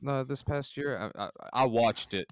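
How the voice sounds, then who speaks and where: Smooth-voiced excitable man chatting. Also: medium pitch, moderate pace, dry recording. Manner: excitable fan, lots of "like". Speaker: podcast co-host. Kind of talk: casual chat.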